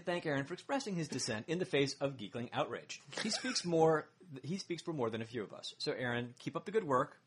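A man's voice: a little high, expressive, brisk, hardly any pauses, crowd noise. A man on a casual podcast, reading a blunt listener email aloud with wry emphasis.

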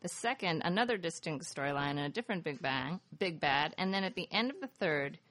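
A woman's voice: on the low side, lively intonation, a little fast, a bit bright. A woman co-hosting a casual podcast, reading a listener email and chatting eagerly. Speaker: podcast co-host.

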